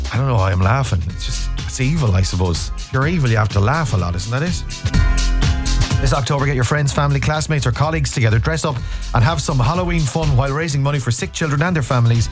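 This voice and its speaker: A man's voice: mid-range voice, lively intonation, fast. An Irish man hosting a radio show, chatting casually with jokey, rambling asides. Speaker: radio host. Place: radio studio. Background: music.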